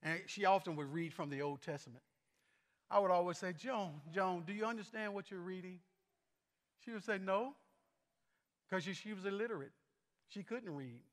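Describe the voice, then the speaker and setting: Earnest high-voiced preacher in a reverberant hall. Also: male voice. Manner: earnest, halting, repeats words. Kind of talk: sermon with personal stories.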